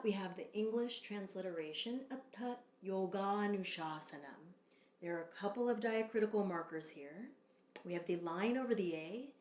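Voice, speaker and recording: A woman teaching a yoga sutra lesson, speaking calmly and measured, leading chants. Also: medium pitch, reverberant. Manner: calm, slow and measured, with long drawn-out chants. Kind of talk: Sanskrit sutra lesson with call-and-response chanting.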